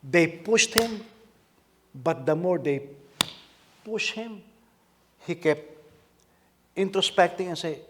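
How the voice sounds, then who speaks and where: Animated preaching man, repeating himself. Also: fairly high pitch, slow, long pauses. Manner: animated preaching with many repetitions and rhetorical questions. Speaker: pastor. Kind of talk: sermon.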